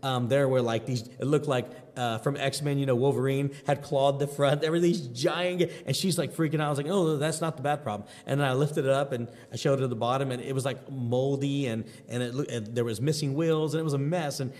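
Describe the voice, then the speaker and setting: Man, mid-pitch pastor, animated storyteller, reverberant space. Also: brisk, few pauses. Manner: animated storyteller, folksy and earnest. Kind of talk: devotional sermon with personal story. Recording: long hall reverb.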